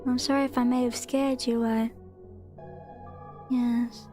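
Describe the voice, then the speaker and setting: A woman streaming live, reading a guide aloud and chatting hesitantly with many pauses and ums. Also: on the high side, flat delivery, music in the background. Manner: hesitant, full of ums and restarts. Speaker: VTuber streamer.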